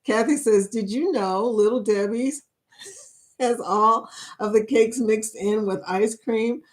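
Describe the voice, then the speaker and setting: A woman's voice: a little high, slow pace. A middle-aged woman hosts a casual livestream chat. She reads out viewer comments and keeps breaking into giggles. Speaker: host of a creator chat stream.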